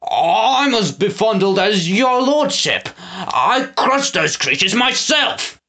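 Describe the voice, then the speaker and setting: A man reading aloud and putting on a bellowing, scheming storybook villain. The voice is raised and swings widely, slow and pompous. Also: high-pitched, animated, bright, forceful tone, pitched above the performer's own voice, heavily acted. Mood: protesting. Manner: bellowing, boastful.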